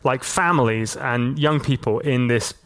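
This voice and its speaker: A pastor preaching to his church and an online audience in a loose, chatty way, full of casual fillers. He slows down sharply to stress key lines. His voice sits at an ordinary, mid-range pitch. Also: a bit bright. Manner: conversational, many casual "like" fillers.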